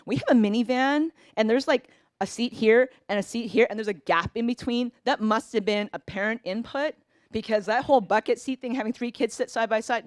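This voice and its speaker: A woman's voice: mid-range voice, clean tone, no echo, studio quality. A woman in her forties telling a personal family story, earnest and reflective, acting out bits of dialogue.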